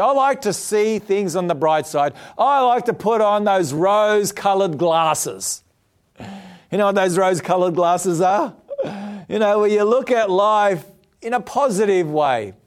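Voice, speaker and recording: Earnest man preaching. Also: sits high. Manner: earnest, emphatic, with rhetorical questions. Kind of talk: televised sermon. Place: TV studio.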